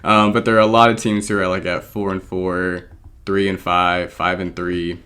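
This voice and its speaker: A man talks his way through a competitive match in a fairly low voice. He rambles loosely, with plenty of ums and little laughs at himself. The tone is casual, like a streamer chatting to his viewers. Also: level tone, moderate pace, sharp tone, clear, resonant tone. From born in England, raised American. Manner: rambling, frequent ums, self-deprecating laughs. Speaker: draft league coach and video creator. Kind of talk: casual gameplay commentary.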